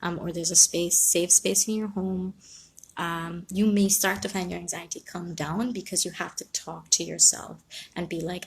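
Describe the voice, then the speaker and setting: A woman counsellor speaking calmly and reassuringly on a live stream, giving advice and answering viewers. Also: fairly low pitch, moderate pace, gravelly, husky. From Guyana. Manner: calm, reassuring, reads out viewer comments.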